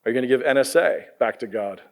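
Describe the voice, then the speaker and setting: A man's voice: mid-range voice, quick pace, gravelly. A middle-aged man giving a conversational sermon to students, quizzing his listeners as he goes. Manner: lively, conversational, quizzes the audience. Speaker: pastor.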